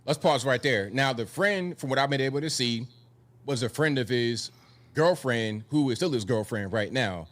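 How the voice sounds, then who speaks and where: A man's voice: mid-range voice, expressive, moderate pace, fairly bright tone. A man on a news panel laying out his argument in firm, step-by-step reasoning. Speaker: panel commentator.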